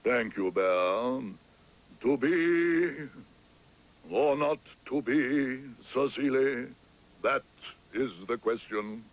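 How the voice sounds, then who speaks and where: A man voicing a grand, booming old stage actor with a theatrical manner in a storybook cartoon. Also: animated, extremely slow, long pauses.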